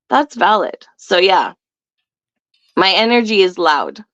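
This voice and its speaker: A woman's voice: medium pitch, measured pace, a bit bright, no room sound, highs cut off. A young woman telling a story in casual chat, brash and profane, laughing often. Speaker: guest.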